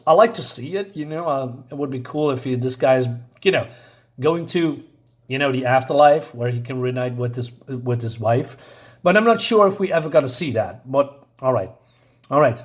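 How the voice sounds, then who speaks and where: A man's voice: medium pitch, lively intonation, moderate pace. A man reviewing a comic book, recapping the plot in a rambling, casual way and reading character lines aloud.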